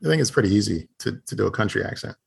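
A man chatting casually as podcast co-host over a video call. His voice sits low and gravelly with a husky edge. He talks in a wry, joking way. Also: lively intonation, very fast.

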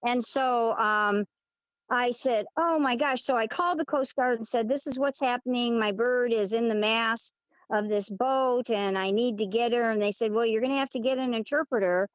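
Woman guest, fairly high voice, animated anecdote full of ums and restarts. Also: no echo. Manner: animated, laughs often, many fillers and restarts. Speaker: guest telling a personal story. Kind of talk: casual storytelling. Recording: dull lo-fi dry recording.

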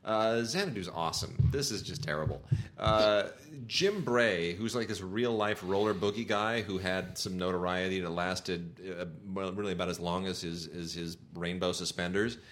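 A man's voice: low-pitched, moderate pace, a bit bright. Chatty middle-aged man reviewing movies. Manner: enthusiastic, sarcastic, many fillers and restarts. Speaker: podcast co-host reviewing home video releases. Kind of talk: casual chat.

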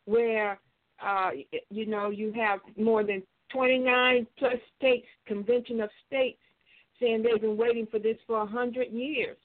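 A woman's voice: on the high side, steady tone. Older woman calling in on a tinny phone line. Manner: halting, many hesitations and restarts. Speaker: caller. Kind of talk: call-in radio commentary.

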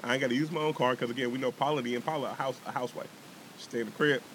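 A young man co-hosting a podcast tells a heated story in casual conversation, animated and swearing, often restarting sentences and repeating words. His mid-range voice races along, with background noise in the recording.

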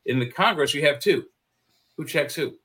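A male co-host with a bright, forceful voice talks in a wry, explaining way, stumbling over restarts. It sounds like loose livestream chat between friends. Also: fairly high pitch, expressive, normal speed. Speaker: podcast co-host.

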